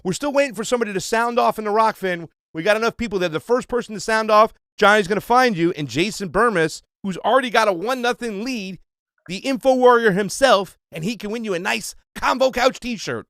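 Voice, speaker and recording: A man's voice: sits high, fairly quick, a bit bright, dry recording, studio quality. A man hosting a casual livestream trivia game, talking loosely with plenty of fillers and restarts.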